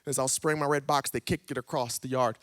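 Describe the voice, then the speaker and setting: A man telling a personal testimony in church, a dramatic storyteller who swings between hushed tones and shouting. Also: medium pitch, steady tone, fast talker, no room sound. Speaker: guest speaker.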